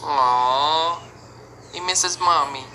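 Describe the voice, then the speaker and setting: A woman hosting a reaction video, narrating animated shorts with emotional exclamations. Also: deep voice, drawn-out words, a little hiss or hum, rough recording.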